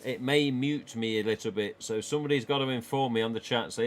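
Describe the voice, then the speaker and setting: A man's voice: mid-range voice, a little fast. A man with an English East Midlands accent, live streaming from a small home office and chatting casually with viewers in a rambling way, laughing often.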